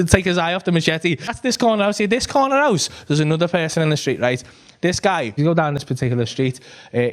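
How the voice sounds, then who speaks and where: Animated stand-up comic. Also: male voice, high-pitched. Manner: animated, acts out characters with shouted voices. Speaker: stand-up comedian. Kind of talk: stand-up storytelling. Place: comedy club stage. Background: audience laughter.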